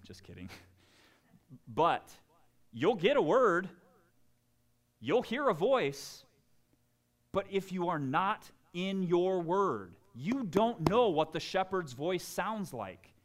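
A man preaching a sermon in an animated, conversational way, full of jokes and asides. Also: on the high side. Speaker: pastor.

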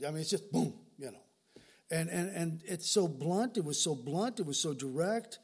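Older male pastor, earnest storytelling sermon, voice on the higher side. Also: very animated, normal speed, a little mellow, breathy edge. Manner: earnest, storytelling, repeats words when moved.

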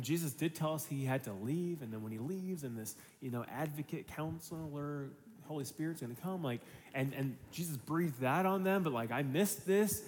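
A man's voice: medium pitch, a little mellow, a little hiss or hum. Male pastor, casual sermon, long hall reverb, faint room ambience. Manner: casual conversational preaching with acted asides.

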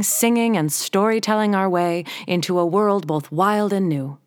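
A woman's voice: lowish voice, dry recording, clean studio sound. A woman host reading a scripted, upbeat sign-off and appeal for a story podcast. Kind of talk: scripted announcement.

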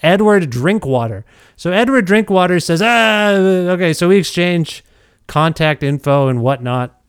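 A middle-aged man tells a self-deprecating story in a casual, animated way, often stumbling and restarting. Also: a little high, normal speed, smooth, no room sound, studio quality. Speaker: podcast storyteller.

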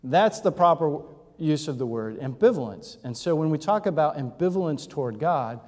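A man's voice: a little high, animated, brisk, warm tone. Man preaching in a long reverberating hall. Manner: conversational teaching with rhetorical questions. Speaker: pastor. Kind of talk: sermon.

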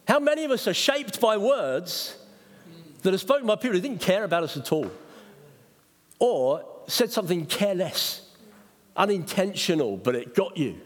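A middle-aged man, a pastor, preaching a sermon in an animated way, acting out quotes and laughing at himself. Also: high-pitched, normal speed. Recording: long hall reverb.

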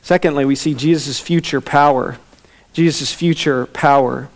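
A man preaching a sermon in a relaxed, conversational way, with casual fillers and asides. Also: fairly high pitch, moderate pace. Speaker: pastor.

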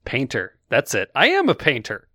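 A man narrating a tabletop game as game master and podcast host, in a slow, drawn-out storytelling manner. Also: on the low side, fairly bright tone, no echo, clean studio sound.

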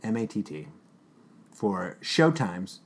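A man's voice: on the low side, very animated, slow pace, husky. A middle-aged man chatting as a podcast guest, joking and rambling. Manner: jokey, rambling. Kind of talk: casual chat.

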